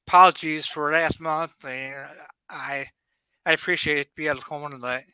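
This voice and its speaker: A man's voice: a little high, steady tone, normal speed, pushed and bright, clear, resonant tone, no room sound, poor audio. A man hosting a paranormal podcast, reading a guest introduction and then asking questions, with a few stumbles. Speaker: podcast host.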